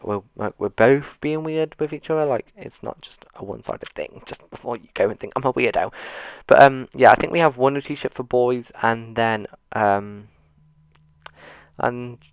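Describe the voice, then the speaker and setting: A gaming YouTuber sits at his computer offering casual, rambling commentary on a video game. His medium-pitched voice is smooth, the recording has no echo, and he drops in self-mocking, dryly sarcastic asides.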